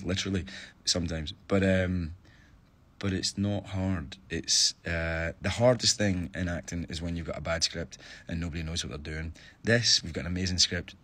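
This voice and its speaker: A man's voice: low voice, fairly bright tone. A Scottish man, a stage actor, chatting casually on a phone live stream and answering fan questions, thinking aloud with restarts.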